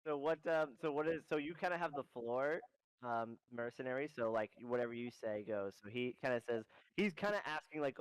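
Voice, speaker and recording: A man's voice: mid-range voice, a little fast, clean tone, no room sound, rough recording. Man running a tabletop game. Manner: casual, rambling. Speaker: game master.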